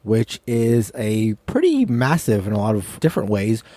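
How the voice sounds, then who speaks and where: A man co-hosting a board game podcast, joking in a deadpan way during casual chat. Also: lowish voice, moderate pace, dry recording. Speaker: podcast co-host.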